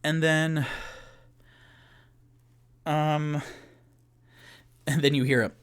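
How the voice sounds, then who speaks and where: A man's voice: a little high, flat delivery, extremely slow, clear, resonant tone. A man narrating a solo tabletop game as dungeon master, casual and rambling, laughing at his own jokes.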